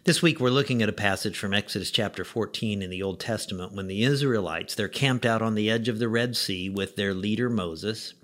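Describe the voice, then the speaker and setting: A middle-aged man, a pastor, giving a short devotional message in a conversational, gently wry way with rhetorical questions. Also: lowish voice, brisk, few pauses.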